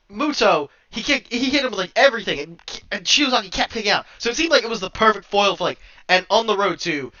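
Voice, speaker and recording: Rambling through a casual wrestling review, this podcast co-host has a high, bright, forceful voice. He keeps laughing, cursing and getting fired up, and the recording sounds dull and lo-fi.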